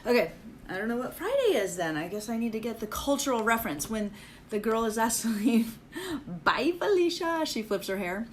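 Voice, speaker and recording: A woman's voice: on the high side, animated, brisk, slight background noise. A woman hosting a casual live chat with viewers, rambling and self-deprecating, with a Valley-girl way of talking full of "like" fillers. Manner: self-deprecating, chatty and upbeat. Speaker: livestream host.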